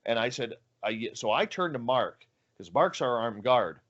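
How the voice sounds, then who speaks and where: A man's voice: medium pitch, lively intonation, a little slow, fairly bright tone, lo-fi sound. A man telling a story as a guest in an interview, acting out the dialogue with animation. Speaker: guest, radio show host.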